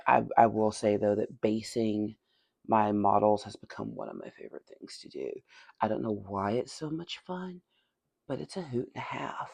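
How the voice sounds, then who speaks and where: A woman's voice: very deep voice, gravelly, dark tone, husky, dry recording. A chatty woman with a Tennessee Southern accent, talking through her miniature painting. She laughs often and mutters and whispers to herself as she works. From Tennessee, USA. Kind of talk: casual hobby vlog.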